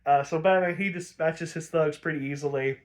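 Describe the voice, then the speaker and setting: A man with a slightly higher voice reviews an episode on his own in a loose, casual way. He rants in exasperation, swears freely and trips over plenty of fillers and restarts. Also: brisk. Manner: exasperated, swears often, ranting. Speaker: podcast host reviewing episodes.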